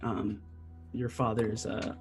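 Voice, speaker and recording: A man's voice: lowish voice, little pitch movement, slow pace, faint music behind. A man narrating as game master of a tabletop game, rambling and hesitant, full of fillers.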